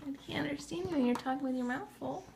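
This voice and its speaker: A woman's voice: high-pitched, quick pace, gravelly, darkish tone, slight background noise. A young woman at home feeding her baby, chatting to him in a playful, sing-song way on a home video. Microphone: camera filming nearby.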